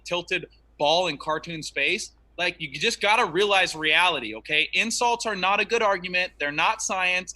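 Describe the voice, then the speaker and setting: A man's voice: sits high, bright, forceful tone. A man arguing in an online debate, insistent and preachy as he makes his case.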